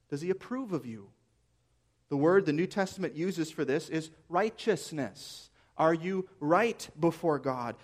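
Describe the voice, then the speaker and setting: A man delivering a sermon in a slightly high, earnest voice. He preaches emphatically and poses rhetorical questions, letting key phrases land slowly. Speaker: pastor.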